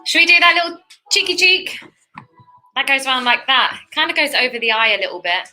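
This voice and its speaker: A woman's voice: sits high, very animated, fairly quick, bright, forceful tone, soft background music. A young woman giving cheerful, chatty step-by-step painting instructions as a tutorial host.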